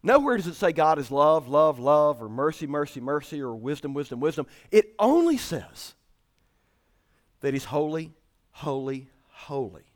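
High-voiced male preacher. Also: very animated, normal speed, few pauses. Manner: emphatic, explanatory preaching. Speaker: pastor. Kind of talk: sermon.

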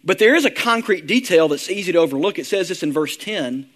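A man preaching a sermon, earnest, slowing down and softening his voice to read prayers and scripture. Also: high-pitched, animated. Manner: earnest, slows down and softens when reading prayers. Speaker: pastor.

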